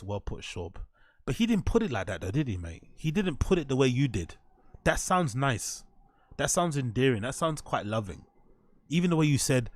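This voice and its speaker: A man of middle pitch talks loosely and sarcastically about posts he is reading, peppering his lines with swearing and quick laughs. His voice sits in a dry room with no echo, close and plain. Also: very animated. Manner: mocking, profane, often breaks into laughter. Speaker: show host. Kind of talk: casual commentary reacting to online posts.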